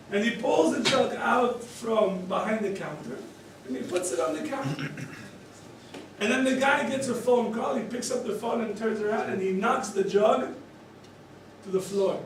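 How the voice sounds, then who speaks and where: This rabbi's voice is high-pitched and moderately paced as he teaches a group using story cases. An animated storyteller, he acts out the characters' lines, asks his listeners questions, and chuckles. A little hiss or hum can be heard, and he's far off in a very echoey room.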